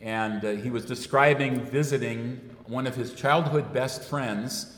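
A man's voice: medium pitch, measured pace. A man giving a sermon, speaking loosely and correcting himself often with fillers. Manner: rambling, self-correcting with frequent fillers. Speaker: preacher. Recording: echoey hall with long reverb.

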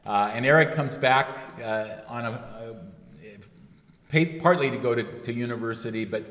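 A man's voice: medium pitch, moderate pace, a bit bright. Man preaching in an echoey hall. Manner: rambling, self-correcting with frequent fillers. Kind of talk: sermon. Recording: echoey hall with long reverb.

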